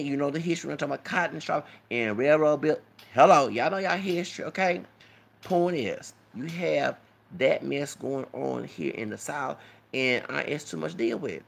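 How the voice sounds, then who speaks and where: A man's voice: a little high, gravelly, a bit bright. A man talking in a rambling commentary vlog, lecturing and often asking "okay?" and "you know what I'm saying?". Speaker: YouTube commentator.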